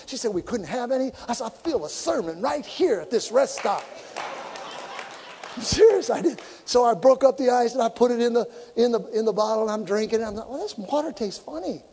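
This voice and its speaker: A man preaching a sermon, telling stories and acting out dialogue, sometimes shouting for emphasis. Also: very high-pitched, lively intonation, fast talker, hardly any pauses, slightly rough. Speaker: pastor. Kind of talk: sermon with storytelling. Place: church sanctuary. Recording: hall reverb.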